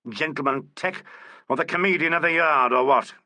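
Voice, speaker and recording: A man's voice: fairly high pitch, moderate pace, bright, forceful tone, no echo, voice pushed up. Guy doing a rude sarcastic theatre owner, sneering, tense, audiobook. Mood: surly. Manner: rude, savage, mocking. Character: surly, sarcastic male theatre proprietor. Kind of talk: audiobook character voice.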